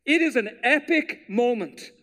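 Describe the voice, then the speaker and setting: Animated high-voiced male preacher. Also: measured pace. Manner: animated storytelling preacher, acts out quotes with playful voices. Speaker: pastor. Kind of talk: sermon.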